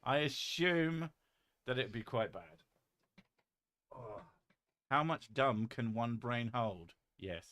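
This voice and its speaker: A British man chatting casually on a live stream, reading chat aloud with a joking, deadpan manner and casual swearing. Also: medium pitch, slow, pauses often, dry recording.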